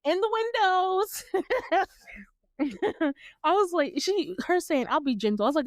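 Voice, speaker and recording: A woman's voice: extremely high pitch, lively intonation, slow pace, no echo, studio quality. A woman from the United States, hosting a casual podcast, recapping a TV show, laughing often and acting out the characters' lines. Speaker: podcast host.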